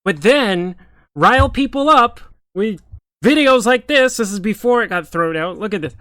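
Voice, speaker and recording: Man, exasperated commentary rant, sarcastic, high voice, dead-dry sound. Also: expressive, normal speed, bright, forceful tone, no echo. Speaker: political commentary host. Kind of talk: ranting commentary on comments and clips.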